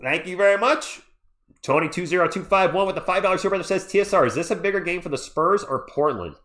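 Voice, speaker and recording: A man hosting a live play-by-play stream, calling the action and chatting with viewers in an excitable, jokey way. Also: high-pitched, fast talker. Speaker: livestream play-by-play host. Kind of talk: live play-by-play with chat reactions.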